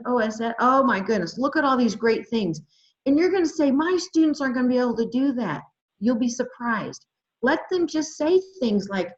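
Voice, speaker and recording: A woman leading an adult education webinar, talking to teachers with lots of excitement and reading chat replies aloud over a computer microphone. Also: medium pitch. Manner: enthusiastic, exclamatory, reads chat aloud. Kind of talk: webinar presentation. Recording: roomy, slightly dull webinar audio.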